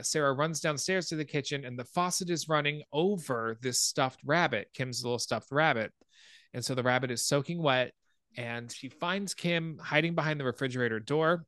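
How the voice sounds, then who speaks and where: A man hosting a podcast, casually retelling a film scene by scene and getting animated at the scary parts. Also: no room sound, clean studio sound. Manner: animated storytelling, rises in pitch when excited. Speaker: podcast host.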